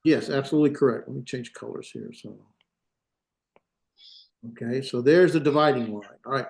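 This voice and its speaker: A man lectures on grammar to an online class, his pitch sitting in the middle range. He talks plainly and thinks aloud, stopping and restarting phrases and joking about himself now and then. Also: normal speed, darkish tone, echoey room. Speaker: Biblical Hebrew instructor. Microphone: computer mic in a video class.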